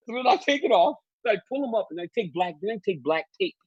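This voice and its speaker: A man, a guest telling animated stories in casual chat and laughing often. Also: high voice, quick pace, breathy edge, no echo. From Louisiana. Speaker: guest analyst. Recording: dull, lo-fi remote feed.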